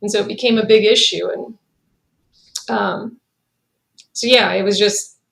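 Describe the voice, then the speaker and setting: Woman with a gravelly edge, roomy sound. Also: medium pitch, steady tone, unhurried, a bit bright. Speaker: interviewee telling her own story. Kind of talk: candid personal account. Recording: roomy echo.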